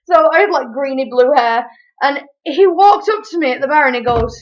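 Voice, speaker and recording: A young woman telling a story to camera in a chatty, animated way. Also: high voice, poor audio. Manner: animated, chatty, quick asides. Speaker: vlogger. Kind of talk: casual storytelling.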